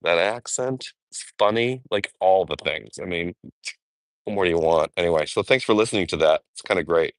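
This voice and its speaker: A man's voice: sits low, moderate pace, dry recording. A man chatting casually on a live walking vlog outdoors in a park, rambling with fond asides. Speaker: vlogger.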